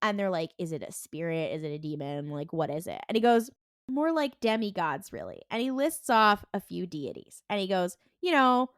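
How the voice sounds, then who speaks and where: A woman co-hosting a podcast, casually recapping a TV episode and acting out the characters' lines in quick voices, with a lot of "like". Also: fairly low pitch, sing-song, smooth, dry recording, studio quality. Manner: heavy use of "like" and "and he's like". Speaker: podcast co-host.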